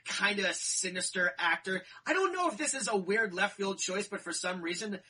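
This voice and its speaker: A man's voice: sits high, expressive, normal speed, bright, forceful tone, breathy edge, far from the mic. A man hosting a podcast in casual chat, rambling with lots of fillers and laughing along. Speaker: podcast host.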